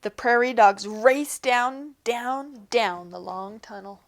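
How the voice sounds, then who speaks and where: A woman, a teacher, reading a children's picture book aloud in an expressive storytelling manner. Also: a little high, takes it slowly.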